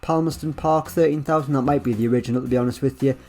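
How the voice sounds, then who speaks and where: Brief: male gaming creator, relaxed wry commentary, mid pitch, soft music bed underneath. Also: racing. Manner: chatty, wry asides, lively ups and downs. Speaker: gaming YouTuber. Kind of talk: casual gameplay commentary.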